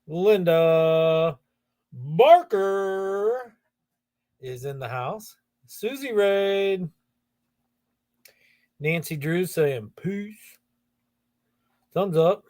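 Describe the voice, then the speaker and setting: Middle-aged ohio guy reading chat on his livestream, jokey, kinda high voice, dry sound. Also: animated, drawn-out words, long pauses, a little mellow, no echo. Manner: chatty, jokey, greets viewers by name. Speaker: livestream host. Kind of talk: casual livestream chat, reading comments aloud.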